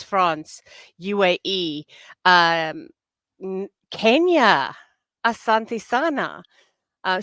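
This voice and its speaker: South African woman co-host, lower voice, friendly, dry sound. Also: a bit bright, no echo. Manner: friendly, laughing, greets viewers. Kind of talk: casual livestream chat.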